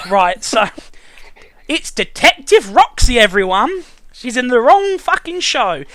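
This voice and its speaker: A man's voice: extremely high pitch, big pitch swings, takes it slowly, a bit bright, no room sound. A man hosting a casual review chat, ranting sarcastically and swearing often. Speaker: show reviewer and host.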